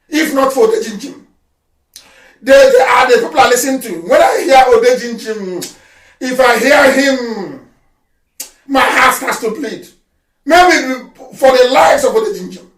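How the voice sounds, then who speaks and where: Fiery Nigerian man shouting, high-pitched. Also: moderate pace. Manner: fiery and mocking, often shouting. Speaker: movement leader giving a radio address. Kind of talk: impassioned live radio broadcast. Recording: roomy and distant from the mic.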